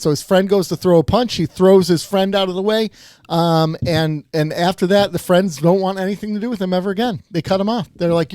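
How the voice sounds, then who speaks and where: A man with a slightly higher-than-usual voice, chatting casually as a podcast co-host. He recaps a story with animated energy and throws in quick voices for the characters. The sound is dry and close, with no room echo. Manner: animated, acts out quoted lines in the retelling. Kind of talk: casual chat, retelling an episode plot.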